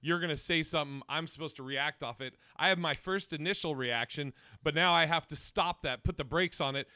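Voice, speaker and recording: A man hosting a casual comedy podcast, telling stories in an animated way, laughing and swearing. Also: fairly high pitch, a little fast, clean tone, dry recording, studio quality. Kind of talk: casual chat, storytelling.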